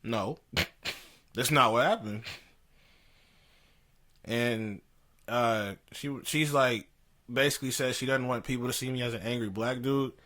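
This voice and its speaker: Animated young man telling a story. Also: medium pitch, measured pace, pauses often. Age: young adult. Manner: animated, slangy, laughs while telling a story. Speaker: podcast co-host. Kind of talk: casual storytelling chat. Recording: poor audio.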